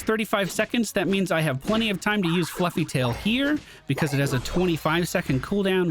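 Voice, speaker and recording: A tired man giving explanatory play-by-play commentary over a video game match. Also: a little high. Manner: explanatory, animated, strategic play-by-play. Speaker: gaming commentator. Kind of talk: gameplay commentary. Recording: clear background music.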